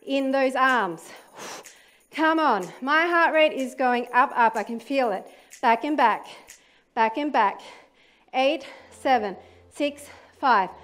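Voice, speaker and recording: A woman's voice: high voice, a bit bright. A woman leading a home workout, counting reps aloud and urging listeners on, slightly out of breath. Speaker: fitness instructor. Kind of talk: guided workout instruction. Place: apartment room with carpet.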